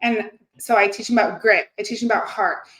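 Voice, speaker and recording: A woman's voice: medium pitch, a little fast, a bit bright. A woman in her thirties talking earnestly and casually to her viewers, with many fillers and restarts. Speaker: host. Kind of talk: casual motivational talk to camera. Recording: echoey room.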